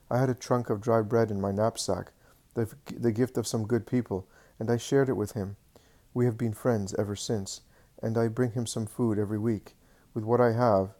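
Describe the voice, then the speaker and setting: A man's voice: on the low side, fairly even intonation, moderate pace, dark tone, close to an everyday voice. A man voicing a humble, devoted male beggar who eagerly tells how he helps a sick friend. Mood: earnest. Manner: earnest, eager storytelling.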